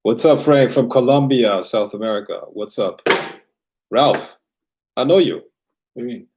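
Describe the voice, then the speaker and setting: A man's voice: mid-range voice, moderate pace, background noise. A man raised bilingual, hosting a casual livestream and answering viewer questions in a loose, rambling way full of fillers and restarts.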